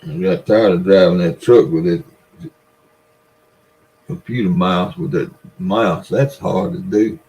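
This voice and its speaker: A man's voice: low-pitched, slow, long pauses, darkish tone, rough recording. An older man with a Southern US accent, rambling through folksy stories in a casual livestream and chatting with his viewers. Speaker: livestream host. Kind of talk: casual livestream chat, reading viewer comments.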